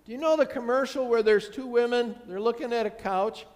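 High-voiced preacher in a reverberant church. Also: male voice, a little fast, darkish tone. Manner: emphatic, builds to rising repeated phrases. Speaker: pastor. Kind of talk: sermon.

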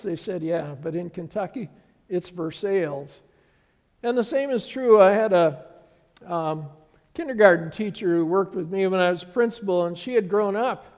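A man's voice: high-pitched, darkish tone, in a large hall. A middle-aged man preaching a sermon as pastor, telling stories in a conversational way with voices for the people he quotes. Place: church sanctuary.

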